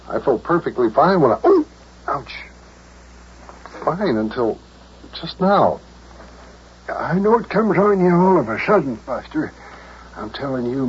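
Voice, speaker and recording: An actor playing a fussy, lovesick older country mayor in a children's radio drama, with folksy rural grammar and melodramatic complaints. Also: male voice, medium pitch, lightly acted. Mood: complaining. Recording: dull old radio recording, faint hiss.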